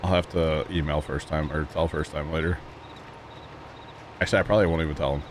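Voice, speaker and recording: A man's voice: a bass voice, fairly even intonation, fairly quick, slight background noise. A man casually chatting with his viewers while playing a farming game, rambling and laughing at himself. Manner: rambling, talks to chat, chuckles at himself. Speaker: livestream gamer.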